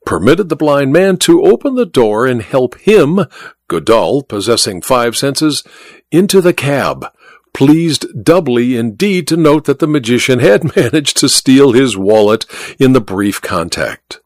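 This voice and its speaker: A man narrates a novel with animated, rising and falling delivery. The reading is expressive and story-driven, recorded close and dry with no room sound. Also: medium pitch, a little slow, dry recording. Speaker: audiobook narrator. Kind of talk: scripted narration.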